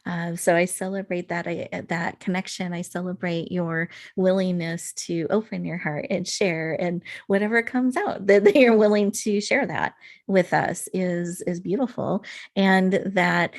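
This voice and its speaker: A woman hosting an online summit interview who affirms her guest and speaks in a measured, encouraging way. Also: on the low side, steady tone. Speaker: summit host.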